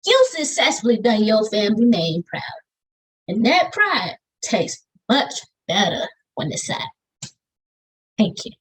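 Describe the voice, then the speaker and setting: A woman's voice: fairly high pitch, big pitch swings, a little slow, slight background noise, rough recording. A woman with a Southern US accent performing her own spoken-word poetry over a video call, with a rhythmic, emphatic delivery and Southern slang. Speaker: poet.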